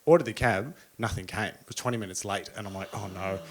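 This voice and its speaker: A man's voice: lowish voice, expressive, quick pace. An Australian man, a guest DJ in casual chat, telling a long story with many restarts and fillers.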